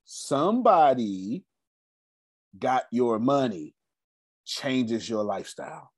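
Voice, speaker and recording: A man's voice: mid-range voice, sing-song, slow pace, slightly rough, no room sound, studio quality. A man leading a group meeting with a motivational talk, emphatic and preachy, repeating his phrases and using casual slang. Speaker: meeting leader.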